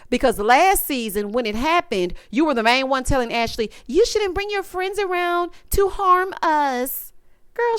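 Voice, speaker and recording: A woman with a high voice that swoops all over gives a sassy, dramatic recap of a reality show. Her voice is smooth and clear, close on a dry mic with no room sound. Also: fairly bright tone, dry recording. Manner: sassy, dramatic, quick to mimic people. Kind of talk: casual recap commentary.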